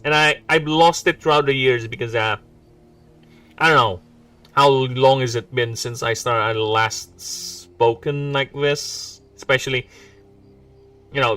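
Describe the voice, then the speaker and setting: A man's voice: mid-range voice, bright, forceful tone. A man in his forties from the Philippines, an indie game developer chatting casually on a livestream, reading lore aloud with rambling, self-mocking jokes. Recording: distant mic with background music.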